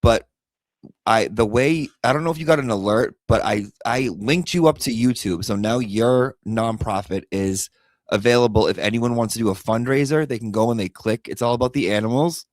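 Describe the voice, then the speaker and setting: A man's voice: mid-range voice, moderate pace, no room sound. A man hosting a casual livestream chat, talking loosely with lots of fillers and restarts. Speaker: livestream host.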